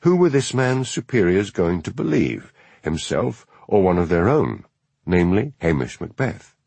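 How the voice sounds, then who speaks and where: A man reading a novel aloud as narrator, in measured storytelling. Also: sits low, big pitch swings, gravelly, a little mellow, breathy edge, dry recording. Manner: measured storytelling, voices each character. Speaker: audiobook narrator. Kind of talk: scripted narration.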